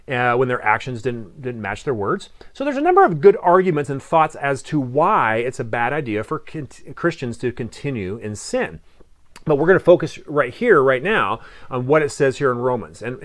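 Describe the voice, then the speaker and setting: Guy preaching a sermon, chatty, voice goes up and down a lot, pitched a bit high. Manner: conversational, rhetorical questions, reads scripture slowly. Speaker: pastor.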